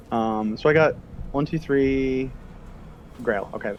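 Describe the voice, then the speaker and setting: A man narrating and running an online tabletop game as game master, relaxed and profane, often restarting his sentences. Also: mid-range voice, slow pace, dull audio, a little hiss or hum.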